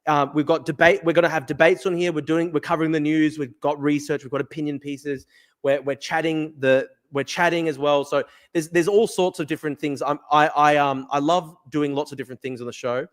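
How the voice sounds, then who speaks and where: A young man hosts a livestream and reads out viewer comments. He talks very fast in a brash, laughing way and swears freely. His voice sits fairly high for a man. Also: steady tone, a bit bright. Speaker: host. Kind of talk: livestream chat.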